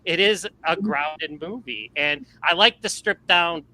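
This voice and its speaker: A man chatting casually about movies as a podcast guest, rambling and animated, with lots of fillers and restarts. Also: on the high side, unhurried, poor audio.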